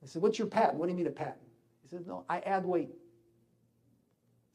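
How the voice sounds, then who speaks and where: An older man with an Israeli accent giving a halting, emotional personal speech as an ambassador. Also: high-pitched, very animated, mellow. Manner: halting, searching for words, rising intensity in places.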